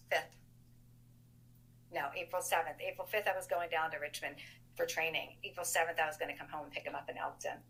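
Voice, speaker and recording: A woman, the older sister of a missing man, recounting events in an interview in an emphatic, animated way. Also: deep voice, poor audio.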